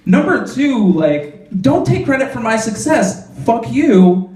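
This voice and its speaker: A man's voice: very high-pitched, sing-song, takes it slowly, dark tone, echoey room, far from the mic. A young man performing a stand-up comedy set on a club stage, talking conversationally with lots of "like" fillers and punchy punchlines.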